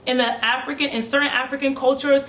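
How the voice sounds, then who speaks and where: Twenties woman guest from Brooklyn, higher voice, blunt and lively, echoey room. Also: fast, far from the mic, a little hiss or hum. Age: 20s. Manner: animated, blunt and profane, laughing often. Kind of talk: casual chat.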